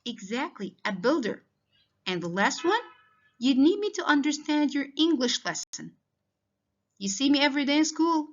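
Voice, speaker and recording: Woman teacher, slightly high, animated, lo-fi dull recording; patient step-by-step classroom delivery. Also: normal speed. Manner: patient, step-by-step, addresses children directly. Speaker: primary school English teacher. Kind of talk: classroom lesson explanation. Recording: dull lo-fi sound.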